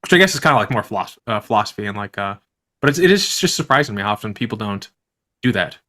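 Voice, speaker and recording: A man's voice: fairly low pitch, expressive, fast, bright, forceful tone. A man who grew up on a farm, talking casually as a guest in a conversational interview, rambling with many fillers.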